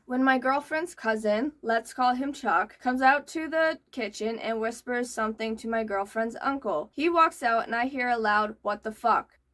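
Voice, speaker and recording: A young woman hosting a reaction video, reading posts aloud and breaking in with loud, exasperated outbursts. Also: on the high side, normal speed, few pauses.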